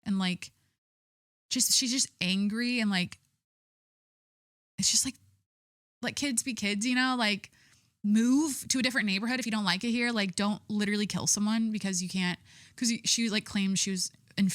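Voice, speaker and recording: A woman's voice: medium pitch, moderate pace, long pauses, a bit bright, no echo, studio quality. A young adult woman hosting a podcast solo, chatting casually in a rambling way full of fillers and frequent swearing. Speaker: podcast host.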